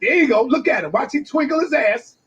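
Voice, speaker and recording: A man in a brash, swearing reaction rant with loud outbursts, heard through dull lo-fi clip audio. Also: extremely high pitch, lively intonation, fairly quick, soft background music. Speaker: commentator reacting to a video.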